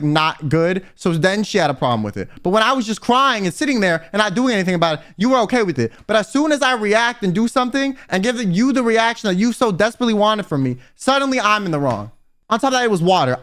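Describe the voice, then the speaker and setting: A young man with a fairly high voice tells a personal story to his viewers in an animated, exasperated rant. His delivery swings between loud indignant bursts and low muttered asides. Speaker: vtuber storyteller.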